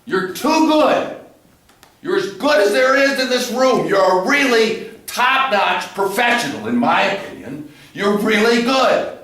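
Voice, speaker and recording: A bright, forceful man coaches an actor in rehearsal, blunt and cursing, going from muttering to pressing hard. His voice sits a little high and sounds far off in a very echoey room. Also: big pitch swings, a little slow. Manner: blunt, swearing, swings from quiet to loud pushing. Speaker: theatre director. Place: studio theatre rehearsal room.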